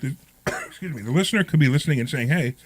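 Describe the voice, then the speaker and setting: Fast-talking nasal radio host with a cold. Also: male voice, medium pitch, expressive, no room sound. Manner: joking, rambling, self-mocking. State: getting over a cold, coughing. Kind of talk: casual radio chat. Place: radio studio.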